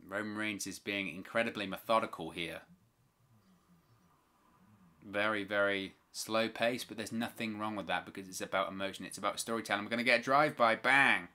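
A man with a bright, forward voice calls a wrestling match live for his viewers. He narrates each move and breaks into opinionated, exasperated rants about the referees. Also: fairly low pitch, fairly even intonation, brisk. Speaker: watch-along host.

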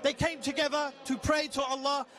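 A man reporting live from a packed outdoor event, speaking with excitement. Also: very high-pitched, a little fast, a faint crowd. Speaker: event presenter. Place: outdoors at a large crowded event.

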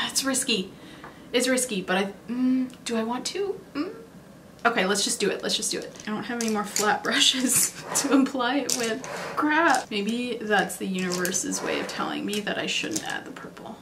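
A woman's voice: a little high, a bit bright, a little hiss or hum. A woman beauty vlogger chatting casually and thinking aloud as she tries out new makeup on camera. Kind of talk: casual makeup tutorial chat.

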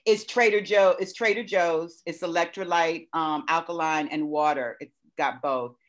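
Low, soft-spoken woman on a call. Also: fairly even intonation, normal speed. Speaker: caller on a group call. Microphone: video call.

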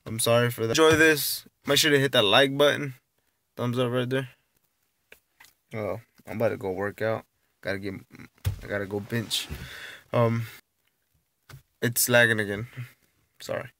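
A man's voice: medium pitch, steady tone, moderate pace, long pauses, bright, forceful tone. A young man hosting a reaction vlog, chatting loosely with lots of fillers, recorded on a phone indoors. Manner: rambling, loose and apologetic with many fillers. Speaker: reaction video host. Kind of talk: casual vlog chat.

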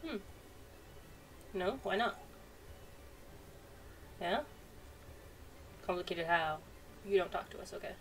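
A woman's voice: lowish voice, slow, long pauses. A woman hosting a let's-play, commenting in a playful, chatty way. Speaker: gaming channel host. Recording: distant mic, faint noise.

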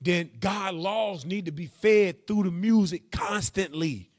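Animated preacher, high voice, playful. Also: male voice, takes it slowly. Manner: animated, playful, calls on readers with "go ahead". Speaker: teacher leading a Bible class. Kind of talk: lively preaching with a call-and-response.

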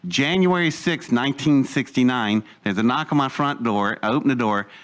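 A man's voice: mid-range voice, moderate pace, a bit bright. An older man telling a rambling, folksy story to an audience, acting out the voices of people he quotes. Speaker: speaker telling his life story.

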